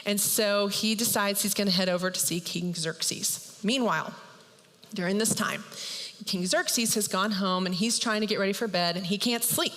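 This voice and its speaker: A woman pastor retelling a Bible story in a lively, chatty sermon. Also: mid-range voice, normal speed. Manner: lively, chatty, acts out characters. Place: church. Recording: long hall reverb.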